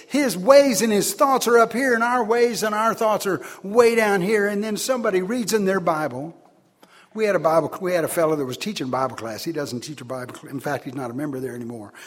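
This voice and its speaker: A man preaching a sermon, swinging between loud, emphatic declarations and quiet asides. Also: high voice, slightly rough.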